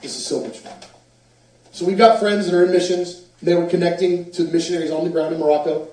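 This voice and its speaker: A man preaching a sermon, telling stories with lively, acted-out quotes. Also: high-pitched, quick pace. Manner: animated storyteller, acts out quotes. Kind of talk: sermon storytelling. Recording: echoey hall from far off.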